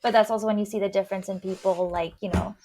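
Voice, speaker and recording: A woman's voice: medium pitch, fairly even intonation, fast, dark tone. Woman with a slight lisp explaining. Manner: explains carefully, stumbling and restarting on long words. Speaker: podcast host. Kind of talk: casual explanatory chat.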